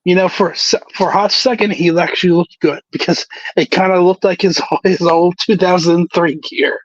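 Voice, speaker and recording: A man's voice: high voice, steady tone, normal speed. A man co-hosting a casual wrestling recap podcast, joking, laughing often and repeating his words. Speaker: podcast co-host. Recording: dull lo-fi dry sound.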